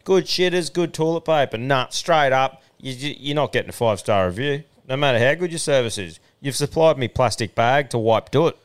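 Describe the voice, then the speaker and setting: A man's voice: mid-range voice, a little fast, hardly any pauses, smooth. A man co-hosting a crude, laughing casual chat, swearing a lot. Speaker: podcast co-host.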